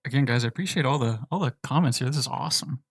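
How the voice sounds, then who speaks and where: A man's voice: mid-range voice, racing, a bit bright, breathy edge, no room sound, studio quality. A man from the United States hosting a casual livestream, reading viewer questions aloud and answering them in a loose, laid-back way. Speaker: livestream host answering chat.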